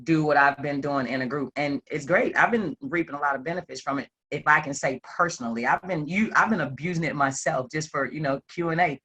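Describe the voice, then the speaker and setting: Woman talking to a group, bright punchy voice, tells her story all animated, does little voices for quotes. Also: sits low, brisk, hardly any pauses, husky. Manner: animated storyteller, acts out quotes, playful asides. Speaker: self-employed group member sharing a story. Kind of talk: candid personal testimony to a group.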